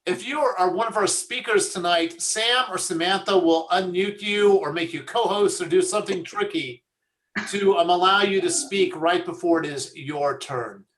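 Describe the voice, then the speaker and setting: A man with a high, sharp voice leads an online service from a video call. He talks in a relaxed, chatty way, stopping to tell groan-worthy puns. The sound is a plain call-mic recording. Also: normal speed. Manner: chatty, jokey, tells corny puns. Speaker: rabbi leading a service. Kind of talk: casual online service hosting.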